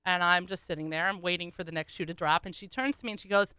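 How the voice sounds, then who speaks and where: A woman radio host and columnist telling a funny story in a chatty, animated way. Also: fairly low pitch, quick pace, smooth, no echo. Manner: animated, chatty, laughing asides. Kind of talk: comic storytelling.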